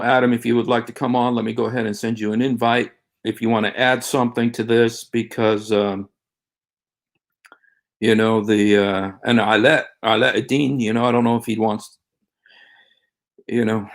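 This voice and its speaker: A man hosting a casual livestream, talking in a halting, rambling way with many fillers and restarts. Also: mid-range voice. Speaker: livestream host.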